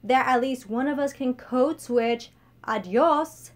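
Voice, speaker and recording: A woman's voice: high voice, slow pace, pitched above the performer's own voice. A woman doing a defiant, sarcastic young woman. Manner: sarcastic, blunt.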